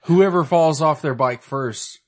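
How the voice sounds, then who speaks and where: A man co-hosting a podcast in casual chat, excitable and laughing often as he pushes wild ideas. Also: on the high side, measured pace. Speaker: podcast co-host.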